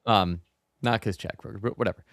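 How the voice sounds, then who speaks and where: A man's voice: lowish voice, fairly even intonation, brisk, a bit bright, no room sound, clean studio sound. A man co-hosting a podcast, chatting casually with wry, joking asides. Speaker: podcast co-host. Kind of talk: casual chat.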